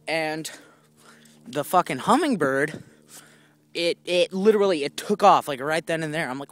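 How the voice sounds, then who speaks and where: A young man talks into his camera while out on a walk, telling loose, rambling stories full of swearing and acted-out quotes. His voice sits a little high and swings widely in pitch. The sound is dry and close, with little room echo. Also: lively intonation, moderate pace, long pauses, fairly bright tone. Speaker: vlogger. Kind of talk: casual storytelling on a walk. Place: outdoors on a walk.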